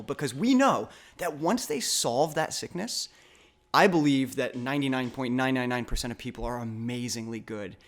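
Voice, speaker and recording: A male podcast host with a mid-pitched voice speaks in an earnest, upbeat way. He talks casually into a studio mic and picks up speed when he gets excited.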